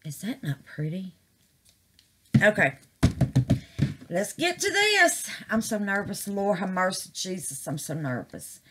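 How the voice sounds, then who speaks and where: A woman, chatting casually to camera as a crafting vlogger, excited and full of exclamations, calling her viewers "babies". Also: medium pitch, a little slow, pauses often, very noisy.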